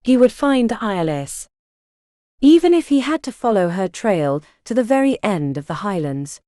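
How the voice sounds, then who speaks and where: A woman narrating a medieval romance audiobook in an expressive, dramatic storytelling manner. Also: medium pitch, moderate pace, no room sound, clean studio sound. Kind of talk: scripted narration.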